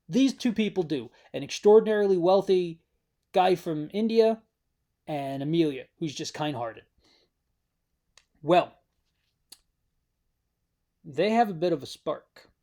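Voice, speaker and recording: A man's voice: on the high side, darkish tone. A man giving a casual, rambling spoken recap of a series, wry and talking straight to the viewer. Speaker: show recap host.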